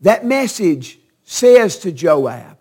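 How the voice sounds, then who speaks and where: A preacher with a very high-pitched voice delivers a sermon, retelling a scripture story. He speaks slowly and deliberately, leaning hard on key words for emphasis. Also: big pitch swings, darkish tone, breathy edge.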